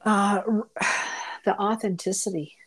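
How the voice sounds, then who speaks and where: A woman co-hosting a casual podcast, an animated storyteller who acts out quotes. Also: medium pitch, takes it slowly, husky. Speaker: podcast co-host.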